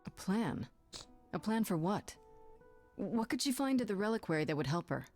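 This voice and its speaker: A woman's voice: mid-range voice, very animated, moderate pace, darkish tone, faint music behind, natural voice. A woman voicing an earnest young woman questioning others about a death. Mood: puzzled.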